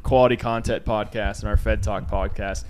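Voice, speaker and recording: A man's voice: on the low side, fairly even intonation, moderate pace, a little mellow, clean tone. A man hosting a casual podcast, talking in a loose, rambling way with many restarts. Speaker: podcast host.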